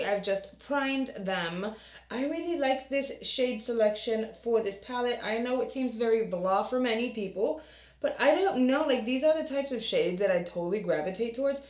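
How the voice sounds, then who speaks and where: A woman beauty vlogger talks straight to the camera in a chatty, self-deprecating way, her voice still low and husky from just waking up. She sits a little high in pitch for a woman, and the room around her gives off a clear echo. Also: lively intonation, normal speed. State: low morning voice. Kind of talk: casual makeup tutorial chat.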